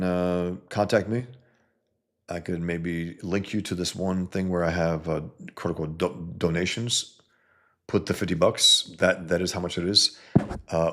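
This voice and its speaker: This livestream host has a low-pitched yet fairly bright voice. Reading his chat in a casual stream, he talks bluntly and profanely, rambling with many restarts, all through a computer mic instead of a headset.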